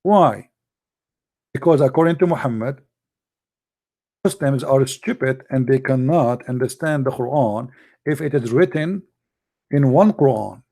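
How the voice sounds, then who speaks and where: Man, Arabic accent, live debate host, emphatic, mocking, mellow tone. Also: medium pitch, expressive, unhurried, gravelly, long pauses. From Middle East. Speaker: apologetics show host.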